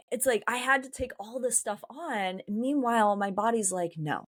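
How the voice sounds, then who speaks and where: A woman's voice: on the high side, unhurried, fairly bright tone. A woman from San Diego hosting a podcast, talking through her feelings in a candid, introspective personal monologue. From San Diego, California. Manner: candid, introspective, emotionally open. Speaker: podcast host.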